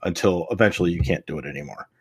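A man with a very deep voice talks through a game in a relaxed, rambling way. He leans on fillers and restarts as he explains, and the sound is dry with no room around it. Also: racing, husky, dry recording. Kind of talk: casual chat about video games.

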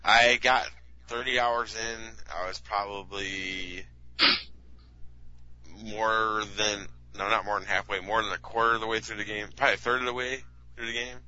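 A man's voice: fairly low pitch, level tone, moderate pace, bright, forceful tone, muffled recording. A man co-hosting a casual gaming podcast, reading listener questions and hedging his answers in a self-deprecating way.

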